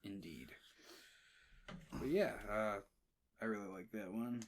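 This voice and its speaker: A man's voice: on the low side, slow, a little hiss or hum. A man co-hosting a film podcast, chatting casually and swearing, retelling scenes in quoted voices. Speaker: podcast co-host.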